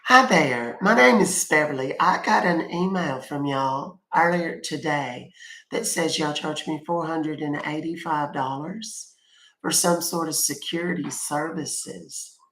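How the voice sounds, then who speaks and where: A man's voice: a little high, a little slow, bright, forceful tone, roomy sound, pitched above the performer's own voice, rough recording. Man putting on a flustered older lady caller. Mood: polite, puzzled. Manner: polite, hesitant, rambling. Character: polite, befuddled older woman caller.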